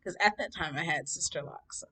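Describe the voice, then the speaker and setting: Woman doing a storytime vlog, lowish voice, sassy, laughs a lot. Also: brisk, bright, forceful tone, husky.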